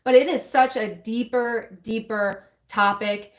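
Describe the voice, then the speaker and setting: A woman's voice: a little high, steady tone, slow. A woman mentor and coach candidly telling her own story to viewers on a live stream, emotional and speaking straight to them in a loose, conversational way. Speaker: mentor and spiritual coach for women.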